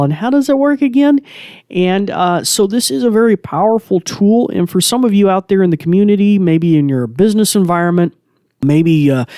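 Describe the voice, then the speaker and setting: Casual male podcast host, rather high voice, dry studio sound, chatty with fillers. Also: a little mellow, no echo. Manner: chatty, loose, many fillers. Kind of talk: casual tech tutorial. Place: small home studio.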